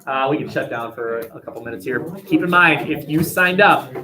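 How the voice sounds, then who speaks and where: A man lecturing a sociology class, animated and acting out quoted voices. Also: medium pitch, moderate pace, a little hiss or hum, low-quality recording. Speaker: sociology teacher.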